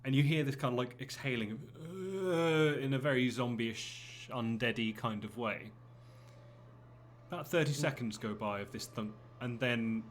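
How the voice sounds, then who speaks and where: A man's voice: medium pitch, a little hiss or hum. A man running a tabletop game as game master, narrating what the players hear and mimicking the sounds. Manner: descriptive, with sound effects in words. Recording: faint background music.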